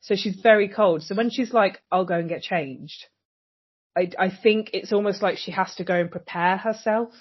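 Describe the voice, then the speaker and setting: A woman co-hosting a casual recap podcast, animated and swearing freely as she acts out characters' lines. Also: medium pitch, normal speed, slightly rough. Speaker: podcast co-host. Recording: dull lo-fi sound.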